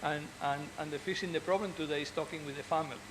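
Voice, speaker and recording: Surgeon, male, a bit high in pitch, earnest and encouraging, stops and restarts often, faint noise behind. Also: fairly even intonation, fast talker. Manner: earnest and encouraging, with frequent restarts and repeated words. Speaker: orthopedic surgeon. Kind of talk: speaking to fellow doctors.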